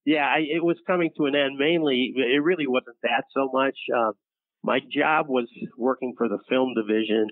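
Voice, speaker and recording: An older man telling a long workplace story in an interview, halting and restarting often and acting out what others said. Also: mid-range voice, fairly even intonation, no echo. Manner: halting, many restarts, acts out quoted voices. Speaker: interview guest, former studio executive. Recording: tinny phone-like dry sound.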